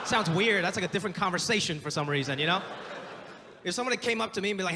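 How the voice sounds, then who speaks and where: A man's voice: sits high, expressive, very fast. A man performing a stand-up comedy set on stage, acting out the voices of his parents and other people. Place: comedy stage before a live audience. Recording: live hall with long reverb, audience noise.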